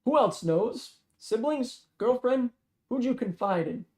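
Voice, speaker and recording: A reader voicing a calm, cold-blooded female killer who speaks in dry, matter-of-fact tones in a thriller read aloud. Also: mid-range voice, measured pace, voice pushed up. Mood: menacing.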